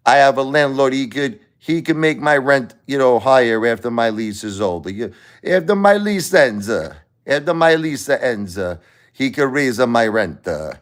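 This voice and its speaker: A man's voice: mid-range voice, animated, normal speed, pitched above the performer's own voice, lightly acted. A man voicing an older Sicilian pizzeria owner with a Sicilian Italian accent, lecturing emphatically in broken English. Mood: insistent lecturing.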